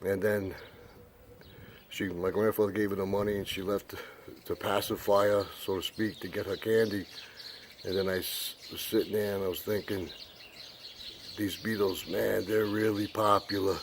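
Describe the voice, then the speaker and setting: An older man telling a rambling personal anecdote with many pauses. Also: deep voice, level tone, slight background noise. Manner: rambling, many fillers and restarts. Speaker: storyteller.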